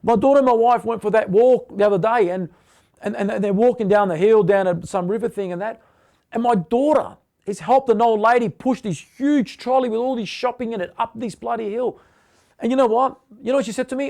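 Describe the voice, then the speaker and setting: A man's voice: extremely high pitch, brisk, creaky, darkish tone. A middle-aged man, giving blunt, punchy motivational talk to viewers and repeating short commands. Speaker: motivational host.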